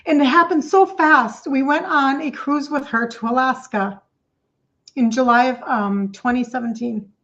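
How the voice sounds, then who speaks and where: A woman's voice: high voice, a little slow, a bit bright. Middle-aged woman, emphatic livestream host, repeats herself, slightly dull lo-fi audio. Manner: emphatic and repetitive, addresses viewers by name. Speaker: health coach host. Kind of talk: emotional livestream talk.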